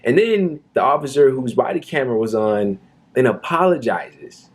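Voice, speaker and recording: A man's voice: medium pitch, expressive, normal speed, slightly rough. A man giving indignant reaction commentary on a news video, talking earnestly with frequent fillers like "um" and "you know.".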